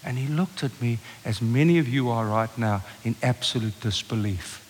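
A man's voice: mid-range voice, moderate pace, slight background noise. Passionate preacher man in a reverberant hall. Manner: passionate, swings from loud preaching to hushed storytelling. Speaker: pastor. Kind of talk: sermon. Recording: long reverb of a large hall.

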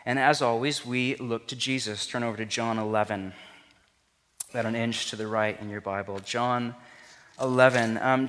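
Earnest and conversational, a pastor's bright, forceful mid-range voice lifts for emphasis during his sermon. The sound carries the long reverb of a large hall.

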